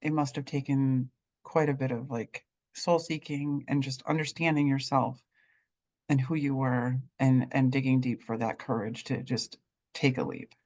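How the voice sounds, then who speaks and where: Podcast host with a dull lo-fi sound. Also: female voice, a bass voice, steady tone, unhurried, a little mellow. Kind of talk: casual interview.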